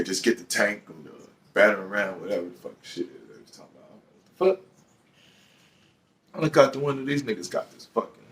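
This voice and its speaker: A man with a Detroit accent tells a story from his own life in loose, profane street talk and jumps into loud acted-out bits. His voice sits low and heavy. He sounds a little far from the mic. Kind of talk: casual storytelling.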